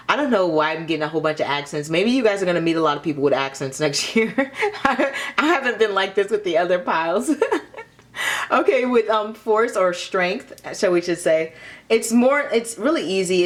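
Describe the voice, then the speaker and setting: A woman's voice: on the low side, expressive, moderate pace. A young woman giving a casual tarot card reading, chatty and full of fillers, laughing often. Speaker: tarot reader.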